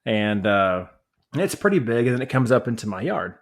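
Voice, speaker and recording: A man co-hosting a podcast, telling a long story in an animated, rambling rant. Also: mid-range voice, moderate pace. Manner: married family man. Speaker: podcast co-host. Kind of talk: casual chat.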